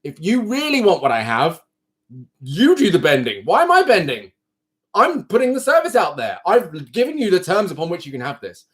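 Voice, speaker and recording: A man who coaches people, hosting a live stream and frankly ranting straight to his viewers in casual chat. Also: on the high side.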